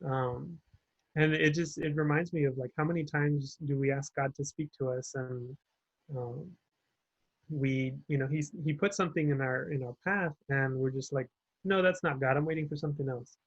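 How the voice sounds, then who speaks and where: A man leading a small faith group speaks in a relaxed, reflective way, circling back and restarting as he searches for words. The sound is dull and dry, like a lo-fi video call mic with no room around it. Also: fairly high pitch, normal speed, no room sound. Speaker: campus ministry group leader. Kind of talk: casual reflective talk.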